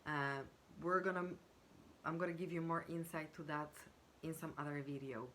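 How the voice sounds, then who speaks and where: A woman coaching on communication, explaining step by step in a measured way with frequent pauses and fillers, now and then acting out example sentences. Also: sits low, steady tone, a bit bright, slight background noise. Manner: measured, pausing with fillers, acts out example phrases. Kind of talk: explanatory teaching talk.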